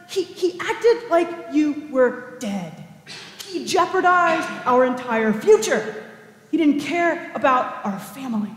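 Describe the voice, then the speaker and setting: A man's voice: very high-pitched, voice pushed up, full character voice. A man voicing a resentful grown elder son, indignant and incredulous, in an echoey cathedral.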